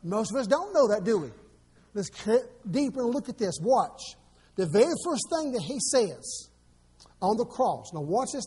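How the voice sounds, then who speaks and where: A male pastor preaching a sermon, with sudden loud swells and quick asides. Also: extremely high pitch, slightly rough.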